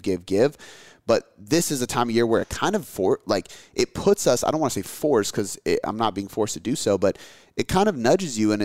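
Answering listener questions on his podcast, a man in his thirties talks casually with a voice on the low side and a darkish tone. The sound is clean studio audio without echo, and he rambles candidly, cursing a lot and using plenty of fillers.

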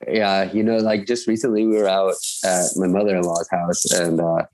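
He has a deep, darkish voice that stays fairly flat in pitch, moving at a moderate pace. A musician in his thirties and a guest, he chats casually from his Bavarian home, rambling with many fillers and restarts.

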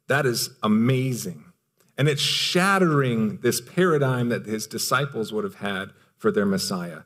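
Emphatic, conversational male pastor preaching. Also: on the low side. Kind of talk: sermon.

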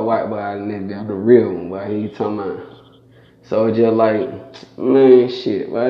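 Gravelly man rambling through street stories. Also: on the low side. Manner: rambling, profane street storytelling with frequent laughs. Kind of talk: casual storytelling. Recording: echoey room, dull lo-fi sound.

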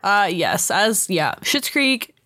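Young woman cohost, gushy and expressive, mid voice, dry close sound. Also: medium pitch, slow pace, no echo. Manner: gushing, expressive, casual swearing. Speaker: podcast co-host. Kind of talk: casual chat.

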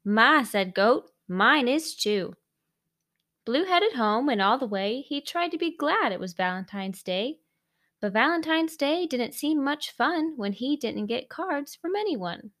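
Slow, lively high-voiced woman reading. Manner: sing-song, expressive read-aloud. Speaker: storybook reader. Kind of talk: reading a rhyming picture book aloud.

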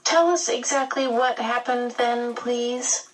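A woman's voice: mid-range voice, slow, pitched above the performer's own voice, natural voice, rough recording. A woman voicing a small, earnest young boy who speaks solemnly in a small voice.

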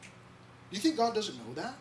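High-voiced excitable pastor preaching. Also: male voice, normal speed. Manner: excitable, conversational preaching with frequent restarts. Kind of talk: sermon. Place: church sanctuary. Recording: distant mic, faint background noise.

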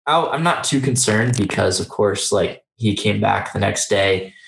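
A man's voice: lowish voice, measured pace, creaky. Young man chatting, echoey room. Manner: rambling, many fillers and restarts. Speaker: podcast co-host. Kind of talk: casual sports chat. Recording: roomy echoey recording.

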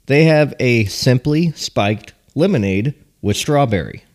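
A man's voice: mid-range voice, lively intonation, a little slow, darkish tone. A man co-hosting a casual podcast, joking and teasing his wife. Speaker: podcast co-host. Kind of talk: casual chat.

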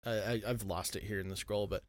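A man's voice: fairly low pitch, fairly even intonation, a little fast, no room sound. A man co-hosting a podcast in a laid-back casual chat, swearing freely and laughing often. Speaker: podcast co-host.

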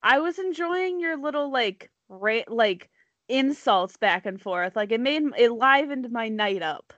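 A woman's voice: fairly high pitch, animated, a little slow, a bit bright, no echo, muffled recording. A woman telling a story in casual chat, rambling with many likes and ums, laughing often.

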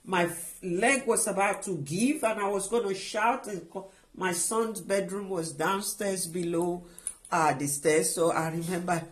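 Slow, halting, emotional woman recounting testimony. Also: fairly low pitch. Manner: halting and emotional, with many restarts and trailing phrases. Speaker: guest sharing a personal testimony.

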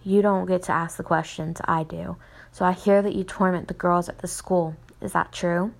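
A woman voicing a calm, menacing hooded male killer in a low, flat voice with creak. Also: normal speed.

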